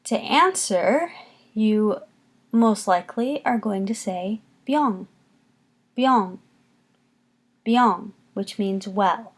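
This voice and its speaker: A woman teaching a beginner French lesson, patiently repeating each word for her students. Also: medium pitch. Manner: patient, slow, repeats words for students to copy. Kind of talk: recorded classroom lesson.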